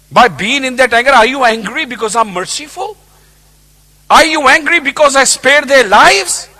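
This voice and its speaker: A man's voice: very high-pitched, pushed and bright, pitched above the performer's own voice, exaggerated voice. A man voicing God, who reasons patiently with an angry prophet through a run of questions.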